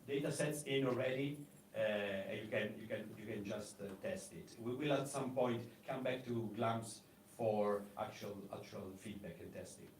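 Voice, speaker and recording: Man, halting conference presenter, low voice, echoey room, distant mic. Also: slight background noise. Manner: halting, many fillers and restarts.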